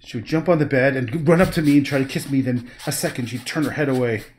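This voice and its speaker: A man livestreaming his painting session, chatting in a rambling, casual way and now and then breaking off to coax his dog in a high voice. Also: quick pace, a little mellow, a little hiss or hum. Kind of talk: casual chat while painting.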